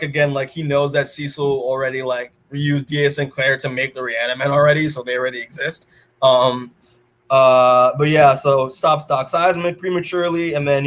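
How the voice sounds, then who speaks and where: A man's voice: mid-range voice, steady tone, moderate pace, a bit bright. A man co-hosting a comic-book podcast, recapping the story in a rambling, casual way with lots of filler words and restarts. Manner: rambling recap full of "like" and restarts, quoting characters in his own voice. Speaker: podcast co-host.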